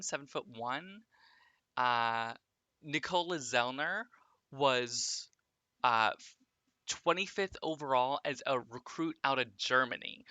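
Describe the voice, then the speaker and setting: A man's voice: mid-range voice, bright, forceful tone, no room sound. A man streaming a basketball simulation game, rambling casually with viewers and full of fillers. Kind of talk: casual live-stream commentary over a basketball sim.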